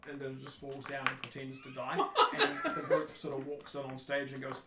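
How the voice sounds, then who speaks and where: Tabletop game master from New Zealand, animated storyteller, echoey recording. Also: mid-range voice, fairly quick, few pauses, very noisy. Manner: animated storytelling, acts out little voices.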